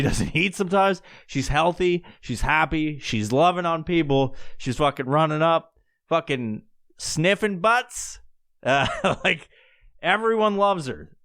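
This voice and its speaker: A man's voice: fairly high pitch, fairly bright tone. A man, telling a rambling, profane, laugh-filled story as a podcast host. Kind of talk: casual storytelling.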